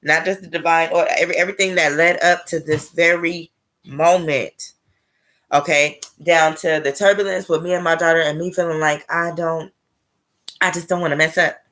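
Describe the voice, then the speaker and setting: Woman, low pitch, bright forceful tone, emphatic storytelling, swears freely, keeps checking in with listeners. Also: fairly even intonation, moderate pace. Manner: emphatic, checks in with frequent "right?" and "okay?"; swears casually. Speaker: spiritual vlogger. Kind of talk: personal storytelling monologue.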